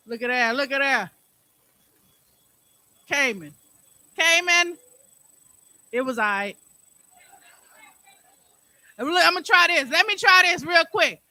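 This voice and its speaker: Brief: woman emcee, high bright voice, slow easy banter, hollers at the room, dry sound. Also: no echo, low-quality recording. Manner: chatty, hollers at the crowd. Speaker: open mic host. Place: open mic venue.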